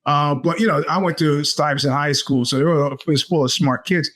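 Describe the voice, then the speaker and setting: A middle-aged podcast host delivers a casual, rambling monologue, telling stories packed with fillers and restarts. His voice is on the high side, steady in tone, a little fast and fairly bright.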